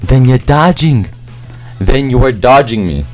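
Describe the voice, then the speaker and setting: A young man giving loud, slangy live commentary over his own gameplay, trash-talking other players and often shouting. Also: medium pitch, expressive, measured pace, faint music behind. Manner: slangy, repeats lines and ends them with "bruh". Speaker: gaming YouTuber.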